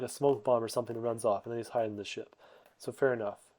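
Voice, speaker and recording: A man's voice: mid-range voice, quick pace, warm tone. A young man giving a rambling, sleep-aid summary full of fillers and self-corrections. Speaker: host.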